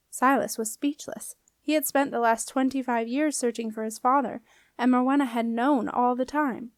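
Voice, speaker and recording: A woman reading a children's fantasy novel aloud in an even, measured storytelling voice. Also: a little high, no echo. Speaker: audiobook reader. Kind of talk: audiobook narration.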